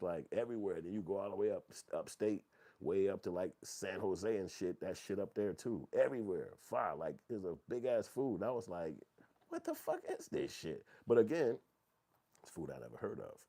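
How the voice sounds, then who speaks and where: A middle-aged man, telling stories in casual, profane commentary and reading viewer comments. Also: brisk. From Chicago. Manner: profane, animated storytelling, acts out quotes in a high voice. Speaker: channel host.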